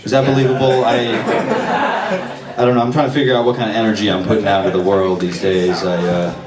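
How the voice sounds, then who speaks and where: A man's voice: deep voice, steady tone, quick pace. A man doing open mic stand-up, nervous and self-deprecating, chatting with the audience. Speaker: stand-up comedian. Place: small bar venue with audience. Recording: echoey room with crowd, mic far off.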